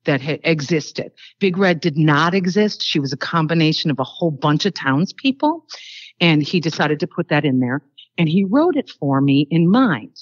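Low-voiced older woman telling rambling stories. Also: lively intonation, normal speed, no echo, lo-fi sound. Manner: rambling, chatty anecdotes with frequent fillers. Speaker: actress guest. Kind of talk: casual interview storytelling.

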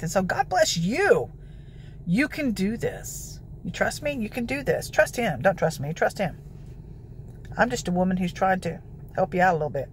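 A woman with a gravelly voice giving devotional teaching and prayer, citing scripture and breaking into exclamations. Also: medium pitch, big pitch swings, moderate pace, a little hiss or hum. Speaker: prophetic ministry host.

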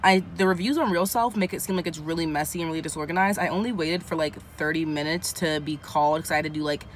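A woman's voice: low voice, fast, slight background noise. A young woman talking candidly into a handheld phone for her vlog, rambling and swearing freely. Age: young adult. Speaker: vlogger. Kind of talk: casual handheld vlog to camera. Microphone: handheld phone camera.

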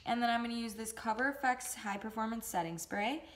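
A woman's voice: fairly high pitch, fairly quick, very noisy. A young adult woman chatting casually through a makeup tutorial, with goofy joking asides. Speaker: beauty vlogger.

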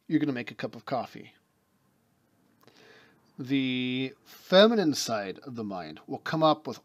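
A man's voice: mid-range voice, darkish tone, muffled recording. A man giving a spoken lecture as teacher of a mystery school, explaining ideas through everyday examples and talking in fits and starts.

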